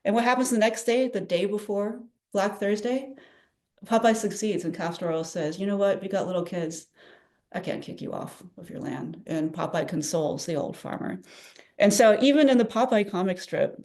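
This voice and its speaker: Enthusiastic woman giving a talk. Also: on the low side. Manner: animated, enthusiastic, with frequent fillers. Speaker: presenter at a public domain celebration. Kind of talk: presentation talk.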